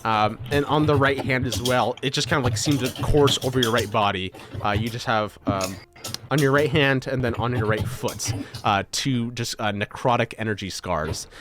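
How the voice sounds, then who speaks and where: A man's voice: mid-range voice, moderate pace, over music. Hesitant man running a tabletop game. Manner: loose, hesitant narration full of fillers. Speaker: game master.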